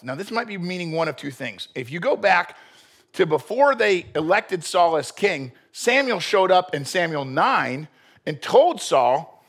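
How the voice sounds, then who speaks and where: A male pastor preaching a sermon in an animated way. He asks rhetorical questions and acts out quotes. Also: high voice, a little slow, breathy edge.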